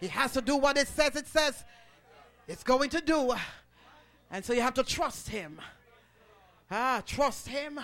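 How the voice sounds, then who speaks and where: Man preaching loud, very high voice, shouts his lines w/ an "uh" before each one, gets the crowd to answer back. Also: lively intonation, unhurried, long pauses. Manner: rising to shouted preaching with "uh" between phrases; calls for the congregation to respond. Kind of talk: sermon.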